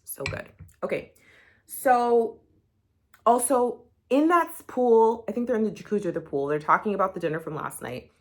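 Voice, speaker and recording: A woman's voice: medium pitch, moderate pace. A young woman recapping a reality show, talking bluntly and heatedly and swearing freely. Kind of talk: casual opinionated commentary.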